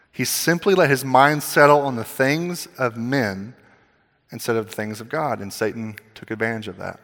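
A man preaching a sermon as pastor, with animated swings between loud emphasis and quiet asides. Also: medium pitch. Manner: casual filler "like" in personal asides. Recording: long hall reverb.

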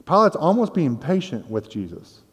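A man's voice: fairly high pitch, big pitch swings, moderate pace, slightly rough. A man preaching a conversational sermon, explaining scripture in a casual, explanatory way with playful asides. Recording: long hall reverb.

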